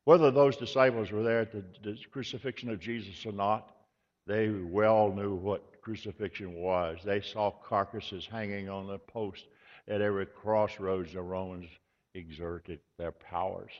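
A man preaching a sermon as pastor, earnest and measured, repeating key words for emphasis. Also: lowish voice, steady tone. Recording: dull lo-fi sound with long hall reverb.

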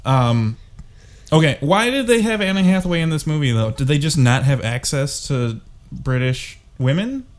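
A man's voice: on the high side, animated, normal speed. A man in a casual chat about a movie, ranting and sarcastic, with exasperated complaints and running asides. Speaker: co-host discussing a movie.

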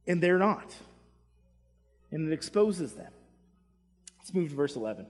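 Husky-voiced man preaching in a reverberant hall. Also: a little high, animated, normal speed, pauses often. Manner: impassioned preaching, drops to quiet asides. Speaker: pastor. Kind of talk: sermon. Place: church sanctuary.

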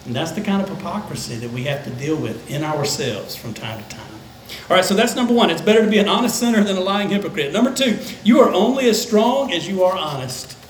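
An older man, a pastor, preaching a conversational sermon that dips into soft, low tones for emphasis. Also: lively intonation, fast, reverberant, slight background noise, rough recording. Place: church sanctuary.

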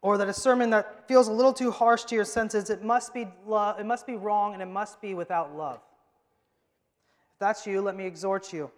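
A man preaching a sermon as the pastor of his church, emphatic and moving from loud to hushed. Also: high-pitched, steady tone, normal speed. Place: church sanctuary. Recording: long hall reverb.

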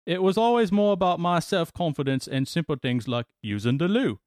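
Guy doing a proud bloke voice, higher than his own, chatty and earnest. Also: lively intonation, a little fast, darkish tone, no echo, studio quality, lightly acted. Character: proud British man quoting himself.

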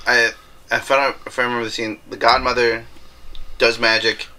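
A man chatting casually about a movie, retelling scenes with quick voice impressions and bursts of laughter. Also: mid-range voice, little pitch movement, sharp tone, rough recording. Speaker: podcast co-host.

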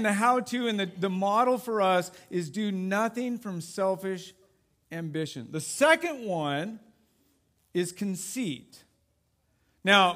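A man's voice: sits high, fairly bright tone. A man preaching a sermon to a church congregation as a youth pastor, conversational and self-deprecating with plenty of jokes.

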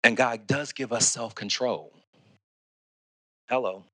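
A man preaching a sermon as pastor, animated, often restarting and asking "okay?". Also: mid-range voice, takes it slowly, no room sound, clean studio sound. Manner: animated, repeats words, asks "okay?" often.

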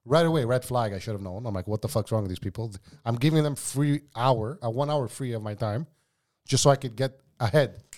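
This man is a former cook who tells animated stories on a podcast. He swears freely and drops "bro" into his sentences. His pitch sits at an ordinary middle level for a man. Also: a little fast. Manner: profane, slangy, says "bro" often; animated anecdote-teller. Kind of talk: casual storytelling chat.

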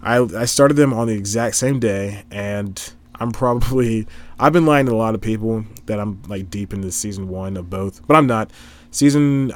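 A young man in casual solo talk, rambling and correcting himself, recorded on a laptop microphone at home. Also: lowish voice. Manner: rambling, self-correcting, chatty. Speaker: vlogger.

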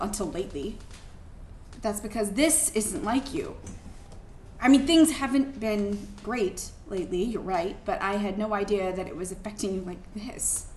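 A woman playing a frustrated pregnant young wife, sharp and emphatic, in a live staged play reading. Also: medium pitch, lightly acted. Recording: echoey live room, faint hiss.

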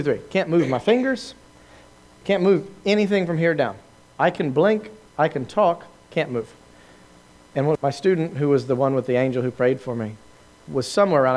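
Animated storytelling male preacher. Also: a little high. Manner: animated storytelling with laughs and acted-out quotes. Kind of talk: sermon testimony.

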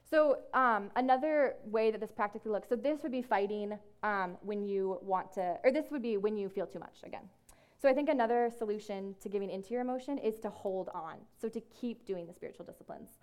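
A woman speaking to a room as ministry staff, casual and conversational with many fillers, slowing down whenever she reads scripture. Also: medium pitch, smooth. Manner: slows down to read scripture. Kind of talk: talk to a group. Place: room with an audience.

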